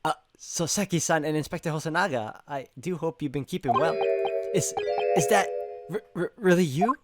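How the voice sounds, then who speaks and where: A man putting on a young male novelist from a game, breathless and stammering, gushing over a friend. His voice sits high and rises in loud bursts. Loud game music plays underneath. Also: moderate pace, natural voice. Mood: flustered. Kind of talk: game dialogue read aloud.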